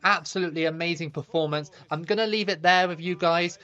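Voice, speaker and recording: A man's voice: a little high, steady tone, a little fast, pushed and bright, smooth, highs cut off. A man narrating his own football video game match for viewers, eager and cheering his goals. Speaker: gaming video host. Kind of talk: excited play-by-play over gameplay.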